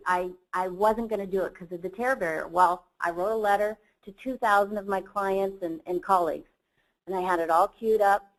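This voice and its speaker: A woman's voice: medium pitch, poor audio. A middle-aged woman, a company CEO, giving a motivational seminar talk and telling an earnest personal story.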